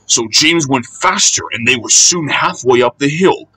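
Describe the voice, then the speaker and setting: Storybook narrator, man, bright and slightly husky, with a lively, animated delivery. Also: medium pitch, moderate pace, hardly any pauses, poor audio. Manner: expressive, lively reading.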